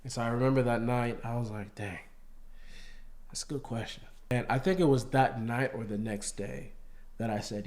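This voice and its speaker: A man's voice: mid-range voice, moderate pace. A man telling how he met his wife, earnest, and holding back tears as he speaks. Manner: earnest, softens to near-tearful quietness. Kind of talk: casual storytelling.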